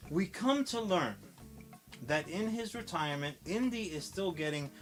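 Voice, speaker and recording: A man's voice: sits high, animated, moderate pace, soft background music. A man casually recapping a film on a podcast, swearing often and acting out the characters' lines. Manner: profane, rambling storytelling with acted quotes. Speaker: podcast co-host.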